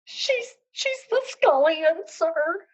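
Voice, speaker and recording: A woman doing a squeaky, frightened old cook. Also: animated, extremely slow, full character voice, poor audio. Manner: high, trembling pleading. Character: terrified fluttery kitchen cook woman.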